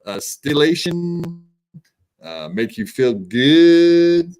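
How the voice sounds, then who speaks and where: A man's voice: on the high side, sing-song, slow pace, darkish tone, soft background music. A man co-hosting a podcast, rambling through crude casual chat with lots of filler words.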